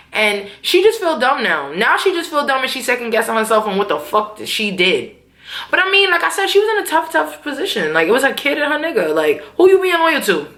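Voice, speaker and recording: A woman's voice: sits high, fairly quick. A young woman recapping a TV episode in a casual, slangy, profane way, acting out the characters' lines. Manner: animated, slangy and profane, acts out quotes. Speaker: TV recap vlogger. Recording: echoey room.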